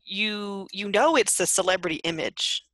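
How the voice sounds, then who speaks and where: A woman's voice: medium pitch, moderate pace, a bit bright, no room sound. A woman hosting a casual chat, curious and hedging with fillers. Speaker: host.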